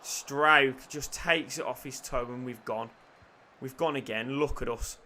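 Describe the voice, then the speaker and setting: Bright-voiced gaming commentator. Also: male voice, mid-range voice, unhurried, slight background noise. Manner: swings from hushed muttering to yelling celebrations. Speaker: gaming YouTuber. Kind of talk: excited gameplay commentary.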